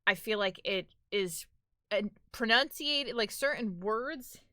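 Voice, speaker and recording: A woman's voice: on the high side, lively intonation, takes it slowly, sharp tone, no echo, studio quality. Chatty New York woman streamer. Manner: chatty, rambling with lots of "like". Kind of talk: casual live-stream chat.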